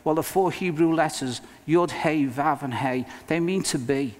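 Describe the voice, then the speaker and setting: A male pastor preaching a sermon in an earnest, emphatic way, with dramatic pauses. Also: fairly high pitch. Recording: long reverb of a hall.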